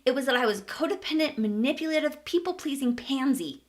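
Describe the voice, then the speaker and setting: A woman's voice: high-pitched, lively intonation, a little fast. A woman vlogger telling a personal story in a candid, emphatic way, swearing casually.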